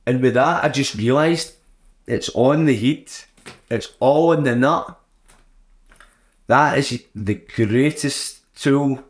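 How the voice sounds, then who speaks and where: A young man chatting casually and bluntly on his podcast, swearing freely as he tells a story. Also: mid-range voice. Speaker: podcast host. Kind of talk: casual solo chat.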